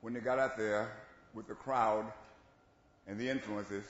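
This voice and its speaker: A man preaching a sermon in church, swinging from shouted lines to low asides and chuckles. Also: steady tone, a little slow. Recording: echoey church room, dull lo-fi sound.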